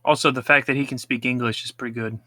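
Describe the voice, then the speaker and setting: A man riffs on a movie with dry, sarcastic quips in a very bright, ringing voice. The sound is close and dry, with no room in it. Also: medium pitch, steady tone, fast talker, dry recording. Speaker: podcast co-host. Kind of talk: riffing movie commentary.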